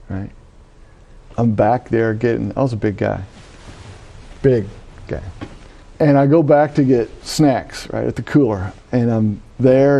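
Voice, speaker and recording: A middle-aged man from Louisiana, a Catholic priest, giving an animated personal testimony and acting out the voices he quotes. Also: medium pitch. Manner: animated storytelling, acts out quoted voices, frequent "right?". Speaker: Catholic priest telling his vocation story.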